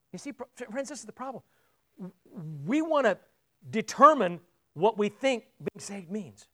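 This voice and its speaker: A man's voice: high voice, lively intonation, normal speed, sharp tone. A man preaching a sermon in a church, talking casually and asking the congregation questions, often repeating words as he presses a point.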